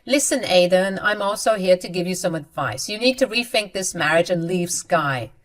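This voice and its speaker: A woman's voice: lowish voice, expressive, moderate pace, lightly acted. A woman voicing a spiteful, smug young sister-in-law in a dramatized story. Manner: smug, dismissive.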